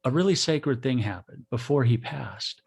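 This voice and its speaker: A middle-aged man, a guest on an interview show, telling a personal story in a soft, halting, reflective way. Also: medium pitch, expressive, creaky, slightly rough.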